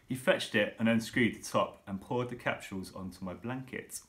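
A man reading a children's novel aloud for a school audience. His narration is steady and expressive, carrying the story along at an even pace. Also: medium pitch, normal speed. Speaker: school reader.

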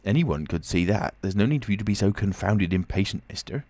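A man's voice: lowish voice, expressive, a little fast, dark tone, no room sound. A man putting on a blustering, panicky old tramp. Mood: agitated. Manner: coarse rustic speech, bewildered and bluster. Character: frightened, blustering male tramp.

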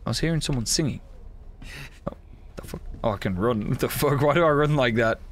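A man's voice: mid-range voice, lively intonation, a little fast, slight background noise. A young man commentating as he plays a game, casual and sweary, with laughing reactions. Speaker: gaming streamer. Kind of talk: let's play commentary.

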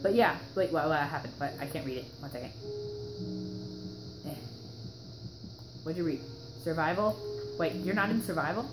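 A woman's voice: sits low, moderate pace, long pauses. Host type: young woman with a sore throat, chatty rambling game commentary, roomy echo and music behind. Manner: rambling and chatty, many fillers and restarts. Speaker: gaming channel host. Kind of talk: casual gameplay commentary.

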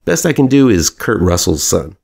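A man's voice: on the low side, sing-song, normal speed, creaky, darkish tone, breathy edge, heavily acted. A man doing a jokey impression of a chummy male studio boss talking on the phone. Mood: chummy breezy.

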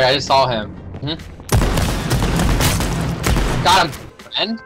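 A young man commenting on his own game, excitable and profane, yelling in panic and trash-talking other players. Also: fairly high pitch, fairly quick. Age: young adult. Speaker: gamer streaming a battle royale match. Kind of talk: casual gameplay commentary. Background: background music.

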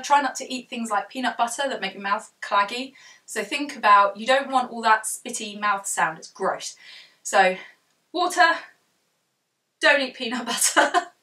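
A young woman with a southern English accent, chatting quickly and self-deprecatingly as she explains how she records her audiobook at home. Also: mid-range voice, sharp tone, distant mic, poor audio. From south of England. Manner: fast, chatty, self-deprecating, laughs often. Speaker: audiobook author giving tutorial. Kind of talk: casual how-to vlog. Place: home room with fabric fort.

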